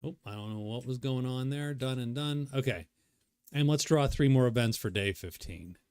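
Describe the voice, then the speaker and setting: A man with a medium-pitched voice talks casually as he works through a solo board game. He muses aloud, wanders off on tangents and mutters to himself between moves. The sound is close and dry, with no room echo. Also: moderate pace, darkish tone, smooth. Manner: thinking aloud, rambling, self-muttering. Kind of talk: casual solo playthrough commentary.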